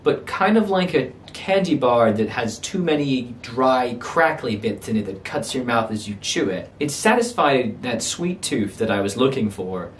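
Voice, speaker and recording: Man, casual book reviewer, rants with swooping pitch and disbelieving questions; roomy sound, faint ambience. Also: moderate pace, few pauses, a little hiss or hum. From London, England. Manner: animated ranting, incredulous rhetorical questions. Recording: roomy echo, mic at a distance, faint ambience.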